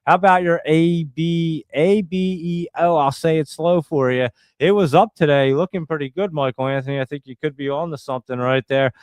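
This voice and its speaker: A man's voice: fairly high pitch, brisk, hardly any pauses, clear, resonant tone, no echo. A man hosting a live show, giving casual, rambling, joking market commentary and reading out viewers' chat. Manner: rambling, joking, loose and off-the-cuff. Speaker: livestream host.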